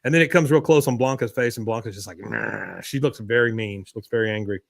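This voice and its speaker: A man's voice: mid-range voice, fast talker, no echo, clean studio sound. A man hosting a podcast, recapping a cartoon episode in a wry, chatty way. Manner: wry, chatty storytelling with fillers. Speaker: podcast host.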